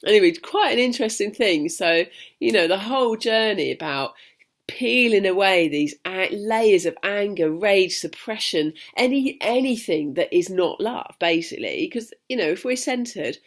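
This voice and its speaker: A woman's voice: medium pitch, lively intonation, normal speed. A young woman talking frankly to camera in a personal vlog, rambling, restarting her sentences and swearing freely. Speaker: vlogger. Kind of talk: candid personal vlog monologue.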